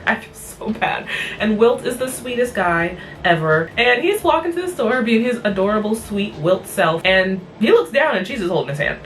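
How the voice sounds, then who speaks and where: A woman's voice: mid-range voice, big pitch swings, normal speed. Tired exasperated woman vlogging, rambly casual recap, kinda far from the mic with faint noise behind. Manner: exasperated, blunt, chatty. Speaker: vlog host reviewing cartoon episodes.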